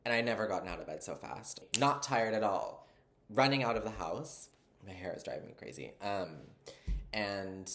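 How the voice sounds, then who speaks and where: A young man telling a story in a casual, excited, rambling way, full of fillers. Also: low-pitched. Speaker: vlogger.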